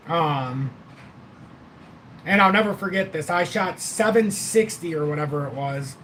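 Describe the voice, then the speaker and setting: A man in his forties hosts a casual livestream and talks in a rambling, blunt way, swearing freely. His voice sits a little high for a man. There is faint hiss under the voice. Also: unhurried, fairly bright tone. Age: 40s. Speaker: livestream host.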